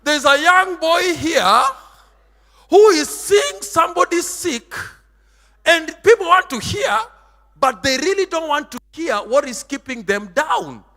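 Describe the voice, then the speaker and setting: High, emphatic preacher in a hall. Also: male voice, animated, a little slow. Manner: emphatic, theatrical, mixes in Swahili, shouts and sing-song. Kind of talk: sermon. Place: church hall.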